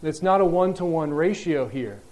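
Conversational male preacher, higher voice. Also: lively intonation, moderate pace, a little mellow. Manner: conversational, explanatory, with repeated restarts. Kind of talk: sermon.

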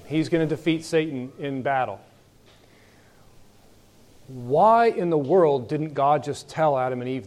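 Male Bible teacher, slightly higher voice, conversational, questions the class. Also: darkish tone.

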